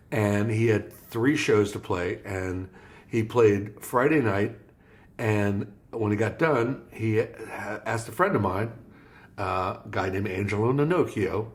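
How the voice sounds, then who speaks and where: A man from Florida, a guest on an interview podcast, tells a story in a fairly low voice. He acts out the dialogue of everyone in the story as he goes. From Florida, USA. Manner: animated storyteller acting out quoted dialogue. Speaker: guest musician.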